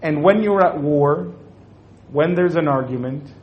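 A man's voice: a little high, unhurried, highs cut off. A man speaking to an audience at a religious talk, joking and acting out little scenes.

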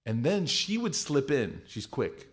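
Lively man preaching a sermon. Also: mid-range voice, a little slow, slight background noise. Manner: lively, conversational, acts out quoted people.

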